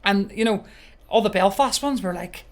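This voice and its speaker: A man's voice: high-pitched, normal speed. A man from Northern Ireland co-hosting a wedding DJ podcast, rambling in casual chat with many fillers. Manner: rambling, lots of you know and sort of.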